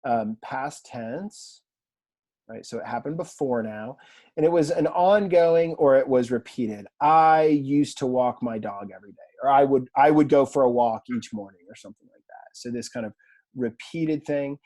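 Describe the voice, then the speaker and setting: A man teaching a language class in a relaxed lecture style, chatty and self-deprecating, often quizzing his students. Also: mid-range voice, normal speed. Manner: conversational, self-deprecating, asks the class questions. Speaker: Greek teacher.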